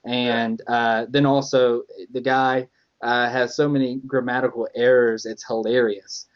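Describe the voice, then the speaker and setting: A man in casual political podcast chat, talking with amused emphasis as he tells a story. His voice sits at an ordinary middle pitch. The audio is dull and lo-fi. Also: flat delivery, measured pace, clean tone. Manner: reads a letter aloud with amused emphasis, laughing at it. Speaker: podcast co-host.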